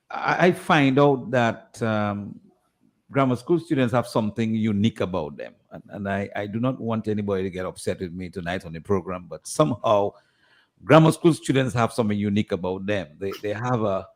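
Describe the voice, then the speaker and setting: A lowish-voiced man speaks on a radio tribute show. He stumbles through restarts and fillers as he talks. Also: lively intonation. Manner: halting, many restarts and fillers. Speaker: committee member.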